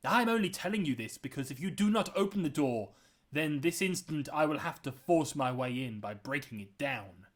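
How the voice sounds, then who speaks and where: A man voicing an angry young man who confronts his enemy, icy and controlled, then shouting. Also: on the high side, moderate pace. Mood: icy calm. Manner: cold calm menace turning to shouting.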